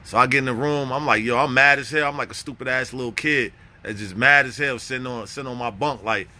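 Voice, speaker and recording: A man's voice: mid-range voice, fast, sharp tone. A young adult man telling a casual, profane story, blunt and roasting people as he acts out his own lines. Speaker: vlogger telling prison stories.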